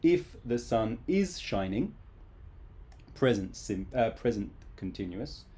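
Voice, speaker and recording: A man's voice: fairly low pitch, slow pace. Playful man teaching a live English class. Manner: casual, playful, lively. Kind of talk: live online grammar lesson.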